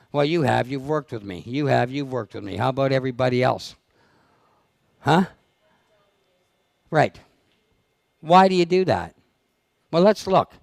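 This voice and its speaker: Leading a dog training seminar, a man with a high, gravelly voice talks live to his audience in a seminar room, bluntly teasing them and firing off questions. The recording has no room sound.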